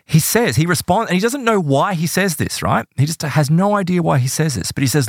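Lively man telling a spooky story. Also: a little high, a little fast, few pauses, no echo, clean studio sound. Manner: animated, dramatic retelling with fillers. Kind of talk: casual paranormal storytelling.

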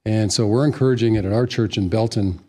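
A man's voice: lowish voice, fast, a little mellow. A man appearing as a guest in a studio interview, chatting in an easygoing way and telling stories.

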